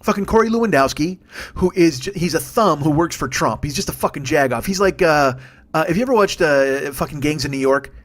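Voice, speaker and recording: A man's voice: on the high side, fairly quick. A man in his forties, a comedian hosting a podcast, ranting angrily and profanely while riffing. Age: 40s. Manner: angry, sweary, riffing.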